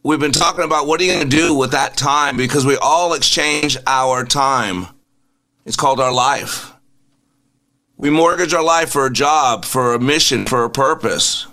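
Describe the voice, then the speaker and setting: A man's voice: medium pitch, normal speed, sharp tone. A man hosting a Christian radio show, preaching with strings of rhetorical questions and emphatic repetition. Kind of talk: inspirational Christian radio talk.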